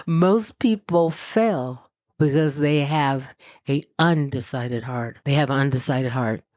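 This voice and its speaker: Middle-aged woman preacher, chatty and animated, mid pitch, dry dull lo-fi sound. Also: slow, no echo. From US West Coast. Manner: animated, puts on high voices for quotes, laughs often. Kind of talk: conversational sermon.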